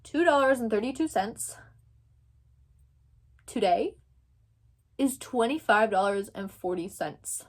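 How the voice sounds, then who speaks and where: Young woman, commentary vlog, rambling, filler-heavy, slightly high voice. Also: animated, slow, long pauses. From Texas. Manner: rambling, thinks aloud with many "like"s. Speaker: commentary creator.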